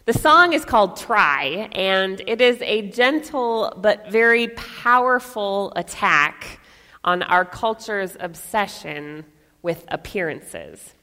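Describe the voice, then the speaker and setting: A woman pastor leading a prayer and starting a sermon in a deliberate manner. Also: medium pitch, lively intonation, sharp tone, big-room sound. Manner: slow, deliberate.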